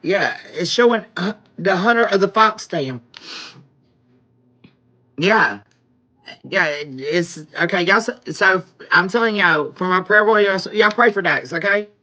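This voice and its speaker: A woman reading tarot on a live stream, excitable and exclaiming, talking to viewers as y'all. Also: mid-range voice, measured pace, lo-fi sound. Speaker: tarot reader.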